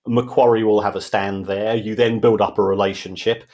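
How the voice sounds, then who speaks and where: A man with a low, gravelly voice talks through money matters on a podcast. He explains things patiently and lays out everyday examples in a relaxed, chatty way. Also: moderate pace. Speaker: football finance expert co-host. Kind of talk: casual explanatory podcast chat.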